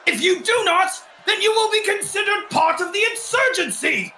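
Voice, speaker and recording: Man voicing a bellowing authoritarian noble officer, bright and tense, echoey room. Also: very high-pitched, lively intonation, moderate pace, a little hiss or hum, full character voice. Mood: commanding. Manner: commanding, shouting proclamations. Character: stern male noble commander, authoritarian.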